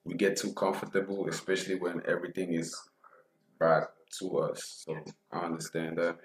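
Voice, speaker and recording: A man in his early twenties hosting a music reaction video, excitable and repeating phrases quickly. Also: low-pitched, reverberant. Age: early 20s.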